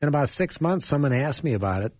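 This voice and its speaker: A man, a guest author, telling an animated personal story in an interview and acting out the dialogue. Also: on the high side, fast talker, dry recording.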